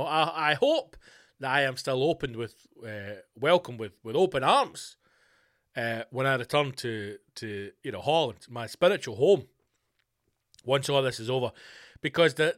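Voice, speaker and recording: A Scottish podcast host with a mid-range, fairly bright voice rants casually, swearing heavily and putting on mocking voices for the people he quotes.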